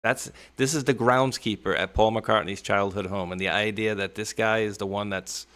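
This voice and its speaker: A man hosting a casual livestream chat, speaking quietly and hesitantly with many restarts. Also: fairly low pitch, fairly even intonation, normal speed. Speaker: host.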